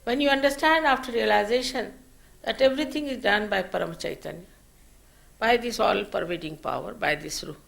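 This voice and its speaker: Woman spiritual teacher, gravelly mid-pitched voice, slow measured lecture delivery. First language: Marathi. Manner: slow, measured teaching with soft trailing phrase ends. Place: lecture hall at a public program.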